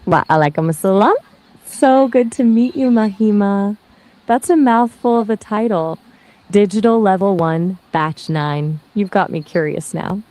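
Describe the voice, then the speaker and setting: A woman's voice: mid-range voice, measured pace, mellow. Breezy, chatty female AI voice. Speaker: AI conversation partner. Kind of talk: conversational Q&A answers.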